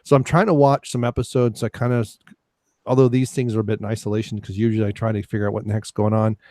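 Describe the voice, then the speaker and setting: A man's voice: lowish voice, little pitch movement, fast, warm tone, no echo. Rambling man hosting a chat podcast. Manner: rambling, many fillers and restarts, laughs often. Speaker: podcast host. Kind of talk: casual chat.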